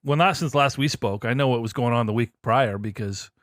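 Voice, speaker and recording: A man's voice: medium pitch, a little fast, fairly bright tone, no echo, studio quality. A man co-hosting a gaming podcast, teasing his friends in casual banter. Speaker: podcast co-host. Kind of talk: casual chat.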